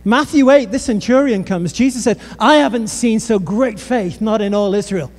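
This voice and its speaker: In a large hall with long reverb, a British man gives a sermon in a high voice at a moderate pace. He keeps it lively with funny stories, jokes, and direct asides to the crowd.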